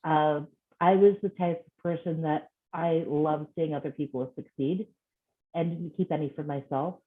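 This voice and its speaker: A woman's voice: deep voice, fairly even intonation, moderate pace. Woman on a tinny phone-like line. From Scotland. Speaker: guest children's author. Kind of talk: casual interview chat.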